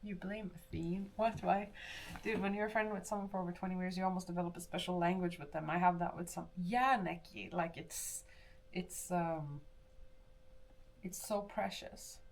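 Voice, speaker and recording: A woman's voice: on the low side, steady tone, moderate pace, creaky, a little hiss or hum. A woman livestreamer chatting casually with viewers, rambling and answering chat while she does her hair. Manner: rambling, with restarts.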